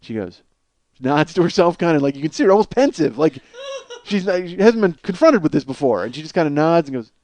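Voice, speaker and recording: Man, podcast host, comic monologue, rambling and profane, slightly high voice, dry close sound. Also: big pitch swings, fairly quick, darkish tone, no echo. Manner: rambling, profane, self-mocking, laughs at own jokes. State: cold sore on face.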